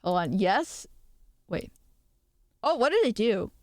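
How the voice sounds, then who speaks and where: A woman's voice: mid-range voice, very animated, slow pace, no echo, clean studio sound. A woman streamer chatting casually with her chat, rambling and giggling as she talks. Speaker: VTuber streamer.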